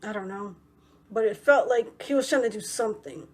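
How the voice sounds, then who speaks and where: A woman's voice: medium pitch, normal speed. A young woman vlogger telling a story in a casual, rambling way, full of "you know" and "right".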